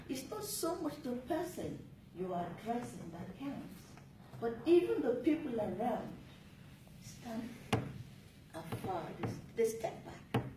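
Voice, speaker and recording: A woman delivering a prepared speech to a club audience in a measured, deliberate way, stressing key words. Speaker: club speaker. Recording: echoey room from far off with rumble.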